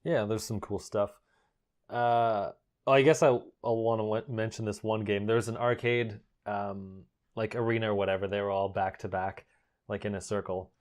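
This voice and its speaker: A man hosting a podcast in casual chat, relaxed and giggly, steering the talk from topic to topic. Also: lowish voice, moderate pace. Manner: laughs often, relaxed, steers the conversation. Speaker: podcast host.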